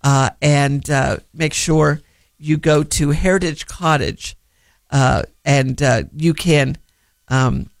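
A man's voice: on the high side, steady tone, takes it slowly, creaky, dry recording. A man hosting a gardening radio show, giving casual advice in a chatty, rambling way with many fillers.

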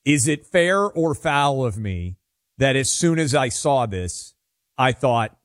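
A man's voice: mid-range voice, big pitch swings, slow pace, no room sound, studio quality. A man co-hosting a talk radio show, chatting bluntly and poking fun at himself. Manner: blunt, self-deprecating. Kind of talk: casual opinionated banter.

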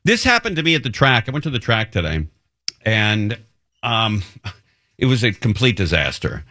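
A middle-aged man hosting a talk radio show, telling a rambling, self-deprecating story in an animated way. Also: lowish voice, moderate pace, no room sound. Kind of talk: casual monologue storytelling. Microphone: studio microphone.

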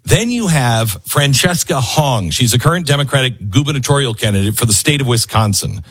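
A man with a husky voice delivering a sarcastic, opinionated news commentary monologue, acting out the people he quotes. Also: mid-range voice, expressive, a little fast, a bit bright. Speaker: political commentary host.

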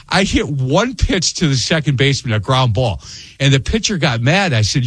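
Husky and a bit high, the voice of this middle-aged radio interview host comes through brisk with no echo. He's a lively storyteller who performs the voices of the people in his anecdotes.

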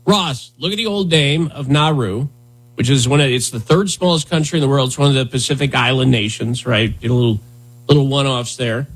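A man's voice: mid-range voice, fairly quick, slightly rough. A man in his thirties hosting a podcast in casual comedic chat, sarcastic and rambling with jokey asides. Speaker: podcast host.

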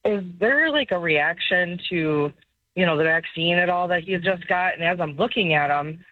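A mother calling in to a radio show, telling a story in an animated way and laughing often. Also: lowish voice, moderate pace, no echo. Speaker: caller. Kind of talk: phone-in storytelling. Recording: tinny phone line.

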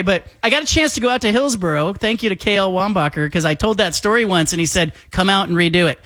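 High-voiced man telling an animated story. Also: fast, dry recording, studio quality. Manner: animated, acts out quoted voices. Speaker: guest. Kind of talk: casual storytelling.

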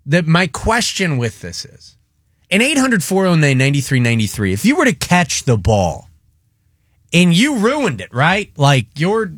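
A man's voice: fairly high pitch, wildly swooping pitch, moderate pace, no echo, clean studio sound. A man hosting a radio show, talking sports in a casual, joking, rambling way.

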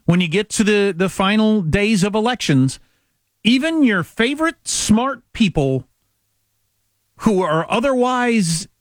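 A man's voice: high-pitched, lively intonation, measured pace, no echo. A man hosting a podcast, chatting opinionatedly and mockingly about politics in a rambling way. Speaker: podcast host. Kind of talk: casual political chat.

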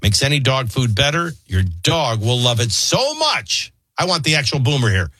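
A man's voice: mid-range voice, big pitch swings, normal speed, few pauses, sharp tone, breathy edge, no echo. A man hosting a morning radio show, reading an ad in an earnest, persuasive way. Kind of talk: host-read radio ad. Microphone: dry studio microphone.

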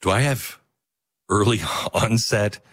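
A man's voice: slow, dry recording. A middle-aged man hosting a radio talk show, rambling, self-mocking and reading ads live, jumping into mimicked voices. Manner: animated, self-mocking, mimics voices with big pitch jumps.

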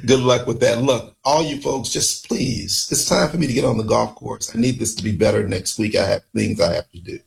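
A man's voice: mid-range voice, a little fast, gravelly, few pauses, a little hiss or hum. A man hosting a morning radio show, joking and easygoing in casual banter.

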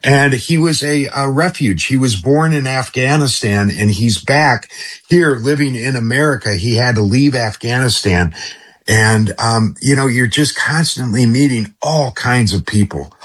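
Husky middle-aged guy gushing on talk radio, rambles and restarts a lot. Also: medium pitch, unhurried. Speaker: radio guest, former radio host.

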